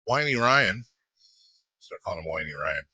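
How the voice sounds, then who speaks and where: A man's voice: deep voice, normal speed, husky, no echo. A man hosting a sports talk radio show in casual on-air chat, rambling and interrupting himself as he goes. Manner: rambling, self-interrupting, animated. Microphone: studio microphone.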